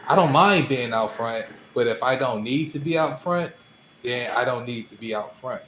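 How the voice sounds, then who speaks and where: A man's voice: medium pitch, animated, moderate pace, a bit bright, reverberant, slight background noise, poor audio. A man co-hosting a podcast in casual chat, speaking modestly and calling his own voice weak. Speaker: podcast co-host.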